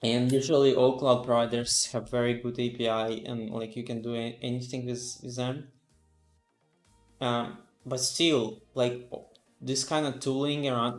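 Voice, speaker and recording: A man's voice: mid-range voice, flat delivery, unhurried, roomy sound, soft background music. A sleepy man live-streaming, thinking aloud with lots of fillers as he reads documentation and reacts. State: sleepy, yawning. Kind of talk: casual live-coding stream.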